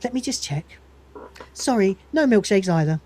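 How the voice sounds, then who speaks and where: A man's voice: lively intonation, normal speed, a little mellow. A man voicing a jealous, needy female vending machine while retelling a sitcom scene. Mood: huffy. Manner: shrill, accusing, melodramatic.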